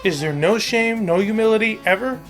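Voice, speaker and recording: A man's voice: high voice, fairly quick, fairly bright tone, faint music behind. A man hosting a satirical comedy show, delivering a sarcastic, mock-dramatic rant. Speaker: host.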